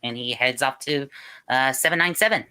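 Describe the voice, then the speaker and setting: A man's voice: medium pitch, moderate pace, sharp tone, clear, resonant tone. A young man playing a tabletop role-play game, hesitant and full of ums as he voices his character. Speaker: player.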